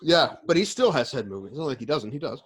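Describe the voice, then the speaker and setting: A man's voice: medium pitch, big pitch swings, fast talker, husky. A man co-hosting a podcast, chatting casually and hedging his opinions as he rambles. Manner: rambling, hedging fan talk. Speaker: podcast co-host. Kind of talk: casual chat.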